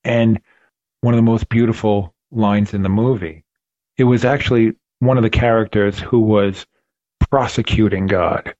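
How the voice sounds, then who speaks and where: A man's voice: fairly low pitch, steady tone, moderate pace, a little mellow, dull audio. A man hosting a faith podcast, talking earnestly with a preacherly rhythm and repeated phrases for emphasis. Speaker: podcast host.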